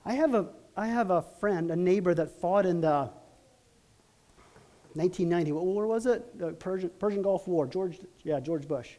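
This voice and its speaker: A middle-aged man preaching a sermon as pastor, telling stories in an earnest, halting way with many restarts. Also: high voice, warm tone.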